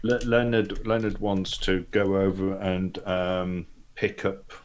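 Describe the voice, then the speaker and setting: Male player, very low voice, hesitant and stammering. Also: steady tone, slow pace, slight background noise. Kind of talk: tabletop game play.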